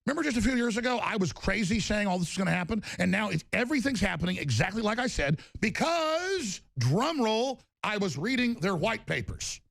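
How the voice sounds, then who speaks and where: A man's voice: high voice, sing-song, brisk, few pauses, fairly bright tone, no echo. A man hosting a political talk radio show, ranting in a long monologue and mocking opponents in put-on voices. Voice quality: gravelly.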